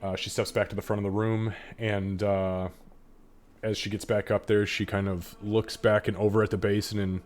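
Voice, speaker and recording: A man narrating a tabletop game as game master, relaxed and full of fillers. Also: lowish voice, normal speed, slight background noise.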